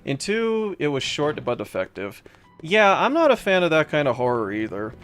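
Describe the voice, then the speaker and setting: A man's voice: on the high side, huge pitch swings, normal speed, fairly bright tone, faint music behind. A young man streaming a horror game, chatting casually with his viewers in a loose, rambling way, full of fillers and restarts. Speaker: let's play streamer. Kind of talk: casual gameplay commentary reading chat.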